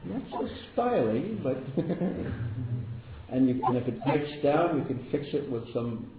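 A man with a gravelly voice gives a devotional talk as a spiritual teacher. He tells the stories in a storytelling manner and repeats words for emphasis. The sound is thin and phone-like, with a roomy echo and steady background noise. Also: mid-range voice, measured pace. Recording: echoey room over a tinny phone-like line with background noise.

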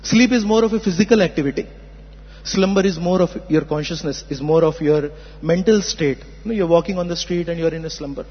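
An earnest man with a high, slightly husky voice gives a spiritual discourse, explaining by asking rhetorical questions. He sounds muffled, with a long reverb trailing each phrase. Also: fairly quick. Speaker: spiritual teacher. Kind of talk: philosophical discourse. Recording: muffled hall recording.

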